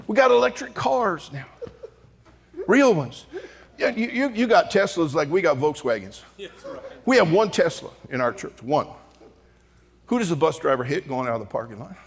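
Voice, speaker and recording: A man preaches to a big hall full of young people, spinning comic stories with lots of bounce. His voice sits high for a man, and he swings from quiet, slow asides to loud shouted climaxes. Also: gravelly. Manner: animated, comic, shouts at peaks. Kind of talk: storytelling sermon. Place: large church auditorium before an audience.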